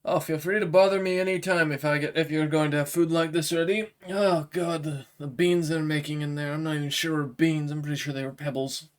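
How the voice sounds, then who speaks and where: A man's voice: on the high side, fairly even intonation, a little fast, few pauses, clear, resonant tone, lightly acted. A man voicing a weary male expedition leader who speaks in a practical, mildly exasperated way. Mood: grateful.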